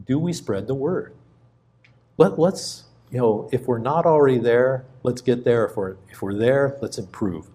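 A middle-aged man preaching, a pastor telling a personal story in a conversational, halting way with frequent restarts. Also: medium pitch, warm tone.

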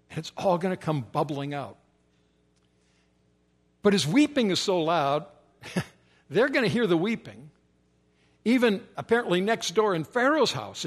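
Male preacher with a slightly high voice, emphatic and repetitive, sometimes sinking to a hush. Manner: emphatic repetition, often dropping to soft, low tones. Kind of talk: sermon.

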